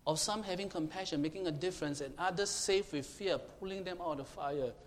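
A man preaching a sermon, emphatic and questioning his congregation, now and then shouting to make a point. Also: high-pitched, a little fast. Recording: long hall reverb, faint room noise.

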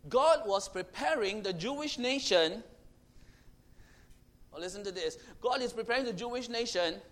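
A man preaching a sermon, swinging between loud proclamation and hushed, intimate tones, with emphatic, repetitive phrasing. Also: high voice, lively intonation, moderate pace.

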